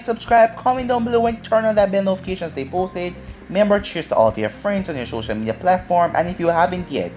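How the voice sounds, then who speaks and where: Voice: mid-range voice, darkish tone. A channel narrator reading a fan-fiction story in a plain reading style. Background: faint background music.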